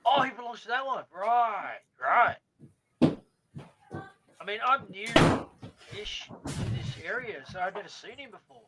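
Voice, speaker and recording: A man's voice: sits high, sing-song, slow, pauses often, very noisy. A man playing a crude, boozy gnome. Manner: joking, swears freely. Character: gruff male gnome newcomer, boozy and crude. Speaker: player. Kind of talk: tabletop role-play in character.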